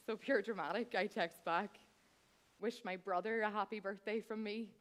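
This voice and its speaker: A woman in her thirties tells a comic story from a theatre stage. Her voice sits at an ordinary mid pitch for a woman. She keeps it chatty and wry and speaks directly to the audience as she goes. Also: steady tone, measured pace. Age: 30s. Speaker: cabaret performer.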